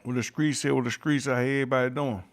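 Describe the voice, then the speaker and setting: Talking fast with a flat delivery at medium pitch, this YouTube channel host reads chat names aloud during his livestream. He keeps repeating his catchphrases and chuckles frequently.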